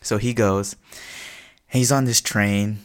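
A young man co-hosting a podcast, telling jokey stories in an animated, casual way. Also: on the low side, takes it slowly. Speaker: podcast co-host. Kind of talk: casual chat.

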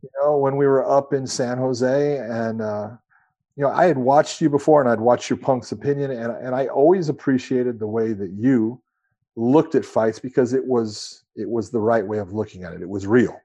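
Mellow-voiced man telling a long story. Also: medium pitch, moderate pace. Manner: relaxed, rambling with profanity. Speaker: podcast co-host. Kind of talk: casual storytelling.

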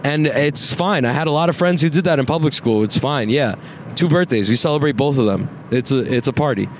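A man's voice: medium pitch, brisk. A young man in his twenties hosting a casual podcast while riding in a car, rambling, swearing and laughing as he talks. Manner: rambling, profane, laughs often. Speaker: podcast host. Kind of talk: casual chat. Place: inside a moving car. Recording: faint road noise in a car.

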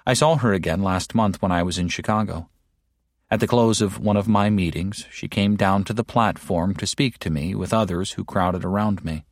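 Slow, gravelly-voiced preacher man. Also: low-pitched, dry recording, clean studio sound. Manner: slow, deliberate and emphatic, with rebuking asides. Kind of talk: sermon read aloud.

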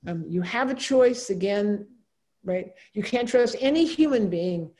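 A woman lecturing from slides. Her voice is mellow and warm, at a middling pitch for a woman. She talks in a loose, conversational way, often checking in with her listeners and pausing on fillers. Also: expressive. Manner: conversational, frequent "right?" and "um".

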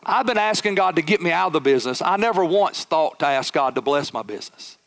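A man preaching a sermon as a pastor, telling a personal story with animated, acted-out dialogue. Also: on the high side, quick pace, gravelly.

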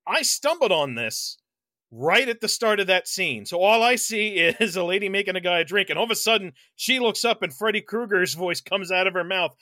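Bright-voiced man telling a rambling story. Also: sits high, lively intonation, fairly quick, no echo, clean studio sound. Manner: rambling storyteller, laughs mid-sentence, swears casually. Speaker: podcast co-host. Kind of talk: casual chat.

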